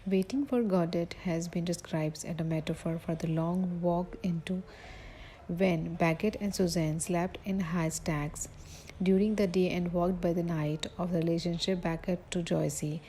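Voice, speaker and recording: A woman giving a recorded literature lecture, reading from notes haltingly, with slips and self-corrections. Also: fairly low pitch, fairly even intonation, mellow, slight background noise, poor audio.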